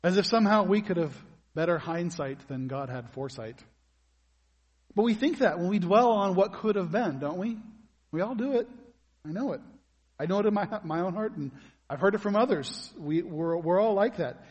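Male pastor, somewhat high husky voice, chatty sermon with questions to the room, long hall reverb. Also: expressive, normal speed, darkish tone, lo-fi sound. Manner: conversational preaching, asks the congregation questions.

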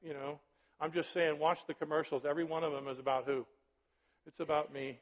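Guy preaching in church, kinda high voice, chatty, long echo, bit muffled. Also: level tone, brisk. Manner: conversational preaching, frequent "right?" and "are you with me?". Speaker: pastor. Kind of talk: sermon. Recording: dull recording with long hall reverb.

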